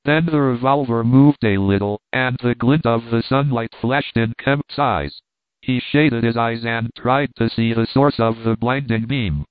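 A man narrating a classic novel aloud in a steady, measured way. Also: medium pitch, no room sound. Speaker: audiobook narrator. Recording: tinny phone-like line, dry.

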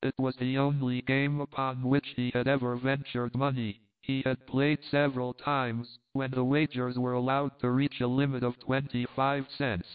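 A man's voice: mid-range voice, little pitch movement, moderate pace, few pauses, clear, resonant tone. A man narrating a novel, occasionally reading punctuation aloud. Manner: reads punctuation aloud at times. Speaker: audiobook narrator. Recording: tinny phone-like sound.

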